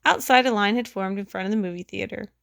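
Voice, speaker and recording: Gravelly woman narrating a storybook. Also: mid-range voice, fast talker, no room sound, clean studio sound. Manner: lively first-person telling. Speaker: audiobook reader.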